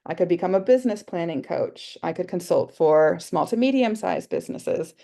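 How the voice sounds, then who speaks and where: Australian woman with a dark, gravelly voice. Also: on the low side, animated, moderate pace. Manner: chatty, thinking aloud with many fillers. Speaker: workshop presenter. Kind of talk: casual online workshop talk. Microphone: video call.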